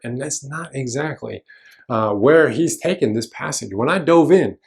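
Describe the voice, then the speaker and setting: A man in the middle of his range, preaching a relaxed, conversational sermon in a church. He walks through the scripture in an explanatory way, with everyday phrasing, fillers and restarts. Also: mid-range voice, moderate pace, gravelly. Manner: casual, explanatory teaching with frequent fillers and restarts. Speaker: pastor.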